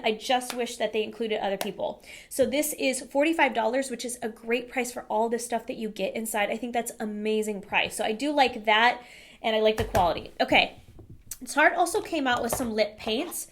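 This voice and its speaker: A woman's voice: fairly high pitch, slight background noise. Chatty woman vlogger with a raised voice. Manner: chatty, candid, frequent "um" and "like". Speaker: beauty vlogger reviewing makeup. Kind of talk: casual product review to camera.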